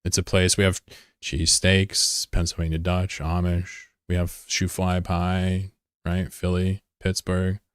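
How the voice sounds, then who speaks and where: A man's voice: deep voice, monotone, a little slow, clean tone, dry recording, studio quality. A man from the United States rambling and joking casually as he chats with his live-stream viewers. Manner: joking, rambling, answers chat messages.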